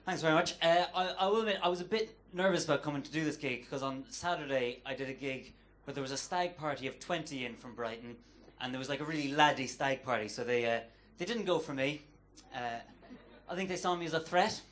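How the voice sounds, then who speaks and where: A man's voice: a little high, fairly quick, a bit bright. A man with an Irish accent doing a chatty, self-deprecating stand-up set on a comedy club stage, with hesitant restarts. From Ireland. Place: comedy club stage before a live audience.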